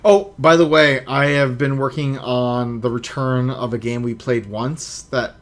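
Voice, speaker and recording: A man's voice: mid-range voice, steady tone, unhurried. A man co-hosting a casual podcast, teasing his partner in a dry way. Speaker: podcast co-host. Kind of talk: casual chat.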